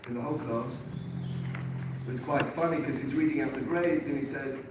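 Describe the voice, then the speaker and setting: A man in his fifties from England teaching a Torah class to students, earnest and animated, often repeating himself as he tells a personal story. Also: medium pitch, fairly quick. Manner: earnest, animated, self-correcting repetitions. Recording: echoey room, far from mic, noisy.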